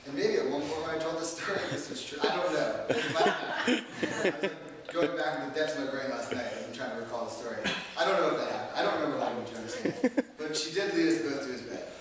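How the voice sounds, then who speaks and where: A man's voice: a little high, fast, over a noisy crowd. A man telling a comic story to an audience, rambling and self-deprecating, with lots of fillers. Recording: echoey hall, distant mic.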